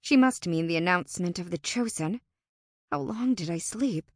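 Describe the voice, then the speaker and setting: A woman narrating a first-person fantasy audiobook in an expressive, tense and dramatic manner. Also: fairly low pitch, moderate pace, no room sound, studio quality.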